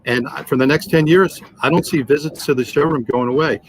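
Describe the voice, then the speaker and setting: A man in his sixties, a sales trainer, telling animated anecdotes and acting out the dialogue in a podcast interview. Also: a little high, a little fast, slightly rough, poor audio. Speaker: guest, automotive sales trainer.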